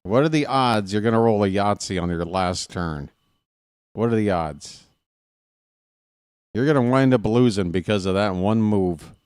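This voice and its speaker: A man hosting a live stream, trash-talking his opponents in a dice game, swinging from muttering to excited yelling. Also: fairly low pitch, unhurried, pauses often, smooth, no room sound, clean studio sound. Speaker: streamer and play-by-play host. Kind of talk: casual live-stream commentary while playing a dice game.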